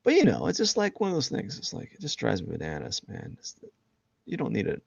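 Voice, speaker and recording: A man's voice: medium pitch, huge pitch swings, a little fast, creaky, slightly rough, dry recording, lo-fi sound. A man chatting casually and rambling with lots of fillers while he live-streams a drawing session. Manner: rambling, filler-heavy, self-mocking.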